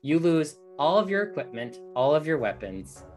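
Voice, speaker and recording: A low-pitched woman runs a tabletop game as dungeon master, stopping and restarting as she explains homebrew rules. Soft music plays faintly behind her. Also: big pitch swings. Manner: halting, many fillers and restarts.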